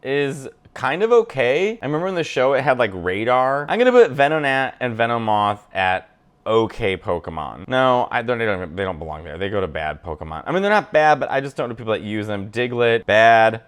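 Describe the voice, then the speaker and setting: A man chatting casually and animatedly while ranking a list, now and then breaking into squeaky voices. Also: sing-song, brisk, a bit bright, clean tone. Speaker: comedian ranking Pokémon. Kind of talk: casual chat.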